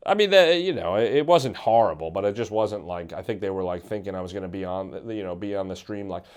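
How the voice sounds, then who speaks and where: A man casually telling a comedic story about himself, wry and halting, with plenty of fillers. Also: low voice, expressive, a little mellow, clean tone.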